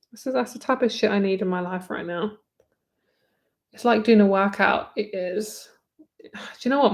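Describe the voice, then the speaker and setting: Gravelly-voiced British woman chatting live. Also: mid-range voice. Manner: candid, frequent "like", swears freely. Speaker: tarot reader. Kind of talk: casual live-stream chat with viewers.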